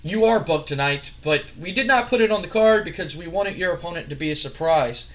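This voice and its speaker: A man voicing a scheming young male wrestling executive who talks in a smooth, wheedling way. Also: fairly high pitch, expressive, fairly quick, fairly bright tone.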